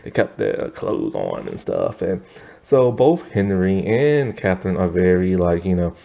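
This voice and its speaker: Young man, casual show recap, rambling fillers, low mellow voice, lively intonation. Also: a little slow, creaky. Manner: rambling, heavy use of fillers, animated asides. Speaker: TV review host.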